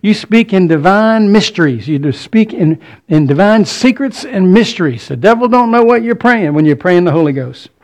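A man's voice: high voice, expressive, moderate pace, a little mellow. A man preaching a sermon, earnest, often repeating words as he builds each point.

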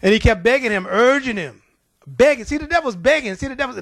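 Male preacher, high-pitched, folksy and animated, dry close sound. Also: fast talker, no echo. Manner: animated, colloquial storytelling with chuckles. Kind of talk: sermon.

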